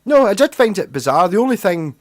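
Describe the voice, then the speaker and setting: A man with a Scottish accent hosts a casual livestream and rambles through stories with restarts and self-deprecating asides. His voice sits a little high for a man, and he sounds a bit tipsy. The sound is dry and close, with no room echo. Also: big pitch swings, a little fast. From Scotland. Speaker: livestream host. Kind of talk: casual chat with chat readers.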